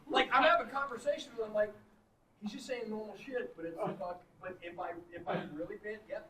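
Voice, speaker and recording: A man's voice: high voice, quick pace, crowd noise. A man from Texas telling laughing, profane anecdotes as a guest on a convention panel, heard in a noisy hall from far off.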